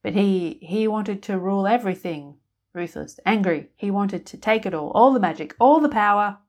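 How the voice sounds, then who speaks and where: A woman's voice: medium pitch, a little slow, lightly acted. A woman voicing a twitchy, guilt-ridden male wizard who stammers and breaks off mid-sentence. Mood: anguished.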